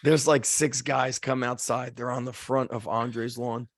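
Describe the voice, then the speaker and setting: A man hosting a podcast, telling a casual story with lots of "like" and acting out the shouted lines of the people in it. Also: medium pitch, unhurried, no room sound, clean studio sound. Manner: animated storyteller, acts out shouted quotes, frequent "like". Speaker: podcast host.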